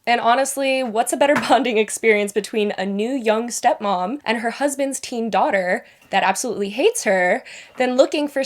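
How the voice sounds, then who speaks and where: Chatty young woman reviewing books. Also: fairly high pitch. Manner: rambling and self-deprecating, with frequent asides. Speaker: book reviewer. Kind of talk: casual chatty vlog.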